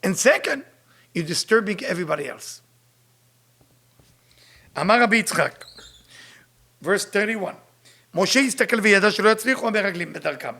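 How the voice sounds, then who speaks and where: Emphatic teacher, man, gravelly. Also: high-pitched, animated, racing, long pauses, pushed and bright. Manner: emphatic, repeats rhetorical questions. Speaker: Kabbalah teacher. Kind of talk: spiritual lecture reading and translating Hebrew text.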